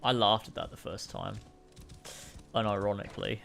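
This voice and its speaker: A man's voice: on the low side, little pitch movement, moderate pace, creaky, a bit bright, soft background music. A young man casually commenting while playing a video game, sarcastic and swearing freely as he rants about its missions. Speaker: gaming streamer. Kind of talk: casual let's-play commentary.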